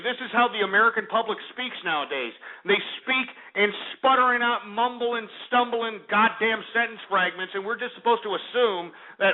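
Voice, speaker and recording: Male call-in host, high voice, profane and combative. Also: brisk, few pauses, phone-quality sound. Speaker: radio talk show host. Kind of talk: call-in talk radio rant.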